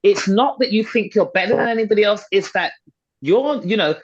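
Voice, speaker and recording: A middle-aged woman talks as a podcast guest, pressing her points home with repetition and a lot of swing in her pitch. Her voice has a breathy, husky edge. The recording sounds a little dull and lo-fi. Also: expressive, brisk. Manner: emphatic and persuasive, repeats points for stress. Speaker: guest, fitness and confidence coach. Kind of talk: motivational conversational talk. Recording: dull, slightly lo-fi podcast audio.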